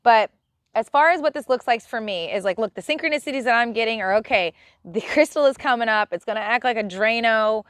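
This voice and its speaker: Woman host, higher voice, blunt and profane, casual ranting delivery, dry close sound. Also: fairly quick, no echo. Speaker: live stream host. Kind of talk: casual spiritual rant.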